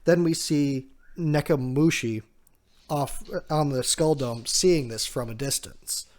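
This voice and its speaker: A man co-hosting a podcast, recapping a comic chapter in a chatty, casual way with quick laughs. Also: a little high, a little mellow. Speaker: podcast co-host.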